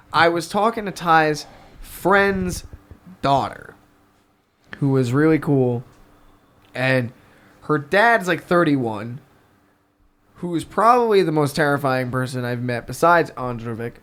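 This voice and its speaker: A man's voice: fairly high pitch, expressive, slow, long pauses, fairly bright tone. A young American man telling a travel story on a casual podcast, swearing often and laughing as he goes. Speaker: podcast guest.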